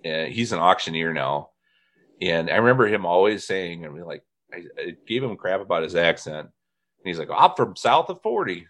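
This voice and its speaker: Deep-voiced man telling casual stories. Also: moderate pace, fairly bright tone. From northern Indiana. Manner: storytelling, laughs often, mimics people in quotes. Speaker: podcast host. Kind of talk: casual chat.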